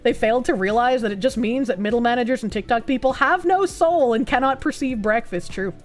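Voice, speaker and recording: A woman streamer giving casual reaction commentary, talking fast with sarcastic, profane remarks. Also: a little high, faint music behind.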